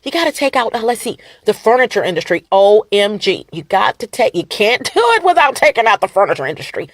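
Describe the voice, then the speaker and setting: A woman vlogger rambling to her viewers, animated and defiant, laughing and swinging between loud and soft. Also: medium pitch, fairly quick, no room sound, studio quality. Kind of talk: rambling talk to camera.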